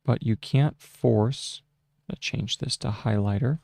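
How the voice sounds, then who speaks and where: Medium-pitched, gravelly, and mellow, this man's voice is recorded dry on a close desk mic equipped with a mute button. Hosting a relaxed shorthand tutorial, he thinks out loud slowly and haltingly, with frequent fillers and restarts.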